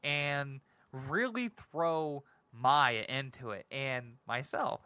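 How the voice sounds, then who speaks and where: A man's voice: medium pitch, extremely slow, smooth, no echo. Giggly rambling man hosting a show. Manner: rambling, giggly, self-deprecating; excitable and animated. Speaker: podcast host. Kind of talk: casual solo talk show monologue.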